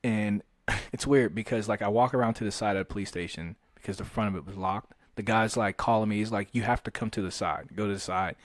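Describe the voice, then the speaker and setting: A man's voice: on the low side, fast talker, no echo, studio quality. A young man co-hosting a podcast, telling a story in casual chat, swearing and acting out quotes. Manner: animated, swearing, acts out quotes with laughs.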